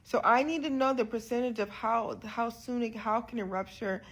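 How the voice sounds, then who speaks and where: A young woman vlogs directly to camera about her health journey, earnest and frustrated, restarting sentences and repeating words often. Her voice is a little high, bright and husky, with fairly even intonation at a normal speed.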